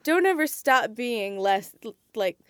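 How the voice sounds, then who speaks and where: Podcast co-host, woman, slightly high voice, chatty and animated, dry close mic. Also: unhurried, clean tone, no room sound. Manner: animated, laughs often, trails off mid-sentence. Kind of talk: casual chat.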